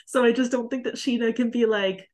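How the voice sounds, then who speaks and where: A woman co-hosting a podcast in casual chat, talking fast and loose with lots of "like" and mocking asides. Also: fairly high pitch, fairly even intonation, a little mellow. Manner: chatty, heavy on "like", mocking impressions. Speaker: podcast co-host.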